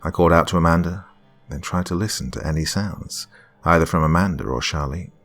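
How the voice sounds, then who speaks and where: Deep-voiced male horror narrator. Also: brisk, fairly bright tone, faint music behind.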